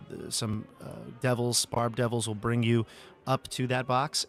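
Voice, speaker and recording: A man runs a tabletop game as its game master, narrating at an easy pace. He often stops on fillers and restarts his sentences. Soft music plays quietly behind him. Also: medium pitch. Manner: relaxed, halting narration with many fillers.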